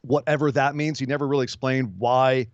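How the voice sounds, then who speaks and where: A man's voice: mid-range voice, fairly quick, no echo. A man co-hosting a podcast, recapping wrestling in casual chat and acting out what people said. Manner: animated storytelling, acts out quotes in silly voices. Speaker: podcast co-host. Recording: dull lo-fi, dry sound.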